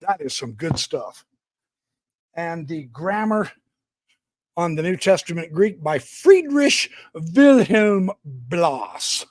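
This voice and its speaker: A man's voice: on the high side, very animated, slow, pauses often, a little mellow, dry recording. A man hosting a casual live stream, giving an enthusiastic, rambling tour of his home library. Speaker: host.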